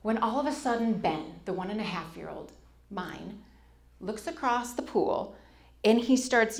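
A woman's voice: on the high side, measured pace. A middle-aged woman, giving a storytelling stage talk and acting out the voices she quotes. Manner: animated, acts out quoted voices. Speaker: speaker.

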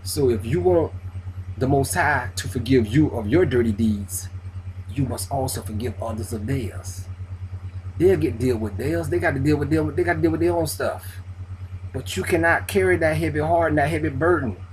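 A man's voice: medium pitch, normal speed, a little mellow, a little hiss or hum, rough recording. A young man giving loose, profane spiritual advice in a casual vlog. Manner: loose, preachy, profane street talk. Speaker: vlogger.

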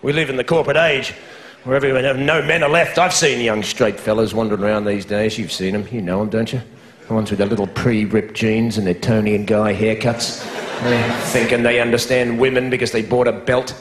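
A man's voice: medium pitch, flat delivery, a little fast. A man with an Australian accent doing a profane, ranting stand-up comedy set, talking straight to a live audience. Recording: roomy club with loud crowd laughter.

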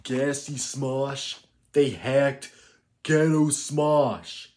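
A man's voice: mid-range voice, steady tone, drawn-out words, darkish tone. A man playing a cocky, scornful teenage boy in a fan parody roast, mocking and name-calling. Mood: ranting.

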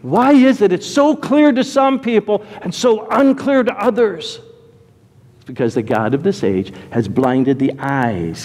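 A man preaching a sermon, animated, jumping from loud exclamations to quiet asides. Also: a little high, in a large hall.

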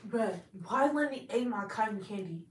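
A woman's voice: fairly high pitch, animated, normal speed, recorded from a distance. A woman in her twenties chatting casually and joking in slangy speech while her hair gets done. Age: 20s. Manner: laid-back, slangy, joking. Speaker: client getting her hair braided. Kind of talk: casual chat. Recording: echoey room, voice a bit off-mic, faint background noise.

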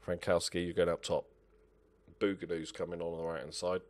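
A man's voice: deep voice, level tone, a little fast. A young man playing a football management game, muttering to himself and swearing at his players as he comments. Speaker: gaming channel host.

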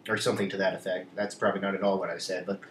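A teenage boy chatting on his vlog in a loose, rambling way, full of restarts and side remarks. His voice sits slightly low and is picked up from a distance. The room echoes around him, with faint noise underneath. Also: little pitch movement, very fast. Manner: rambling, many restarts and asides. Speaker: vlogger. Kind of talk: casual storytelling vlog.

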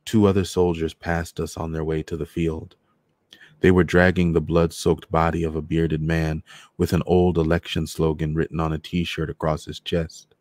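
Deep-voiced man reading a story. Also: flat delivery, moderate pace, darkish tone, no room sound, studio quality. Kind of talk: cold read of a short story.

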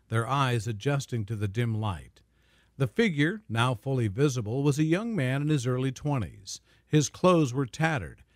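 Male storyteller with a lively voice. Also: medium pitch, no room sound, clean studio sound. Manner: smooth, even storytelling. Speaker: narrator. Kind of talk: scripted story narration.

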